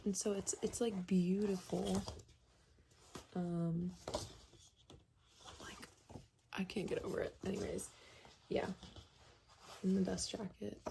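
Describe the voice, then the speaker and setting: A young woman chatting casually in a book vlog, soft-spoken and dropping often into a whisper, with plenty of filler words. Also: medium pitch, flat delivery, slow pace, creaky, long pauses, background noise. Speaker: book vlogger. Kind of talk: casual reading vlog chat.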